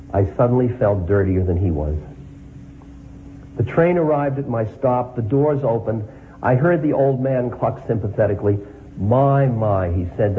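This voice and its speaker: Man, spiritual teacher, reflective and questioning, thin lo-fi line with faint hiss. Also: mid-range voice. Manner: reflective, asks questions to the listeners. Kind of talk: story reading then reflective talk. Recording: phone-like line with faint noise.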